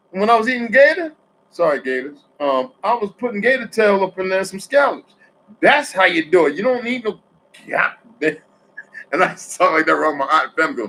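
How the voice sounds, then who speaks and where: A man from New Jersey talking in a rambling, profane monologue, swinging between loud outbursts and quiet asides. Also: high voice, very animated, normal speed, low-quality recording.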